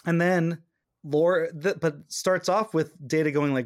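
A man hosting a podcast in casual, animated conversation, his voice sitting a touch higher than most men's. He now and then acts out quoted lines as he talks. The sound is dry and close, with no room around it. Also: normal speed, no room sound. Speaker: podcast host.

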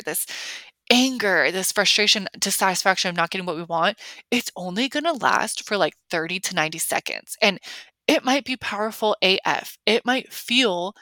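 A woman's voice: lowish voice, sharp tone, no echo. A young adult woman hosting a podcast, talking casually and emphatically with lots of fillers. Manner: chatty, filler-heavy, emphatic. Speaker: podcast host. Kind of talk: casual confessional chat.

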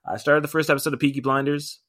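A young man co-hosting a podcast, chatting in an easygoing way with quick asides. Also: on the high side, little pitch movement, fairly bright tone. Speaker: podcast co-host. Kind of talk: casual chat.

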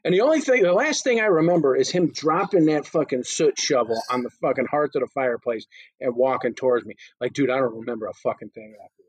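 A man's voice: mid-range voice, animated, fast talker, slightly rough, dry recording. A middle-aged man co-hosting a casual podcast chat, ranting with profanity and exasperation. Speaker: podcast co-host.

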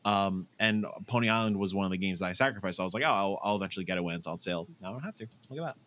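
A young man with a somewhat low voice co-hosts a casual podcast. He rambles in a heartfelt way, and curses freely between his fillers. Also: racing, a bit bright. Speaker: podcast co-host. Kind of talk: casual chat.

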